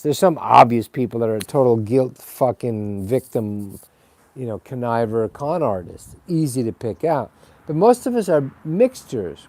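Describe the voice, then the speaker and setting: A man's voice: medium pitch, mellow, no room sound. A man hosting a spiritual webcast, talking in a rambling, blunt and profane monologue. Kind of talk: casual spoken monologue.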